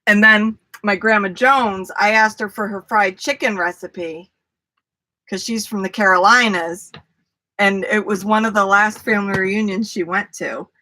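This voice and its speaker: A woman's voice: mid-range voice, steady tone, a little slow, bright, forceful tone. A woman hosting a casual livestream, chatty, talking to viewers by name and laughing easily. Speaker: livestream host. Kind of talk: casual live chat with viewers.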